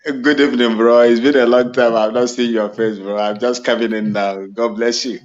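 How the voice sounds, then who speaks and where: An older man with a Nigerian English accent calling in to a talk stream, speaking haltingly with many fillers. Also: medium pitch, little pitch movement, lo-fi sound. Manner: halting, fills with "you know" and "um". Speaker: caller. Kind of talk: casual call-in chat.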